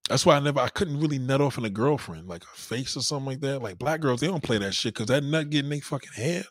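A man hosting a podcast, telling crude stories in an animated, profane monologue. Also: medium pitch, fast, no room sound, clean studio sound. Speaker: podcast host. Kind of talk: casual comedic monologue.

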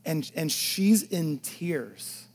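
A male pastor preaching a sermon, swinging from loud emphatic lines to hushed near-whispers, with chatty asides to the congregation. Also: fairly high pitch, lively intonation, drawn-out words, gravelly.

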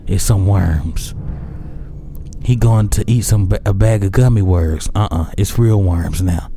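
A man casually telling an absurd story in a deadpan, slangy, unhurried way. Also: sits low, a little hiss or hum.

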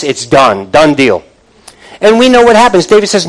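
A pastor with a fairly high voice and huge pitch swings preaches at a normal speed, retelling scripture conversationally. He often restarts phrases and calls on the congregation to respond, all captured in a rough recording.

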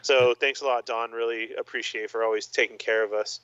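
A man co-hosting a casual podcast, telling lively stories and laughing often. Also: medium pitch, brisk, clear, resonant tone, no room sound. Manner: animated, laughing storyteller. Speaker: podcast co-host. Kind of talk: casual chat about toy collecting. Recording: dull lo-fi sound.

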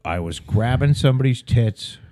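A man's voice: mid-range voice, animated, moderate pace, warm tone, dry recording, clean studio sound. A man, rambling through crude casual banter. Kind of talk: casual chat.

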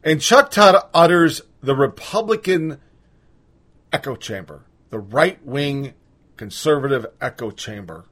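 A man's voice: mid-range voice, lively intonation, a little slow, fairly bright tone, husky. A man hosting a podcast, ranting bluntly with profanity in casual political commentary. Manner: blunt, profane, opinionated rant. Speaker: podcast host.

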